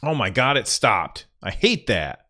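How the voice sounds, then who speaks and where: A man hosting a podcast, reading sponsor spots casually and muttering to himself when the recording software fails. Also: medium pitch, big pitch swings, measured pace. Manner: offhand, restarts and mutters at tech trouble. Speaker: podcast host.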